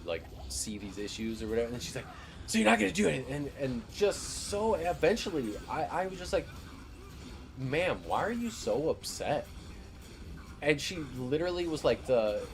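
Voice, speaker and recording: A man's voice: medium pitch, darkish tone, a little hiss or hum. A young man streaming a game, telling a profane, ranting story in casual chat.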